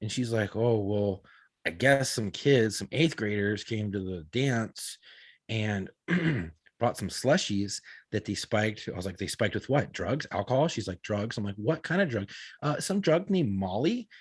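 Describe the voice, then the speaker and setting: A man's voice: lowish voice, animated, measured pace, breathy edge, dry recording. A man in his thirties, a podcast co-host, telling a story in casual, profane talk full of quoted dialogue. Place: podcast studio.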